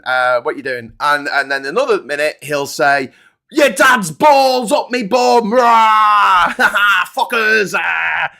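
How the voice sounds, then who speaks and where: A man's voice: fairly high pitch, fairly bright tone. A man, hosting a casual live-stream chat, ranting and joking with lots of swearing. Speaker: host.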